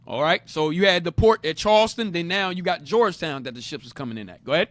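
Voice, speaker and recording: A man's voice: a little high, animated, fast talker, a bit bright, dry recording. A man leading an interactive Bible lesson. He explains each passage, repeats the key points with emphasis, and keeps prompting his reader to go on. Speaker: Bible class teacher.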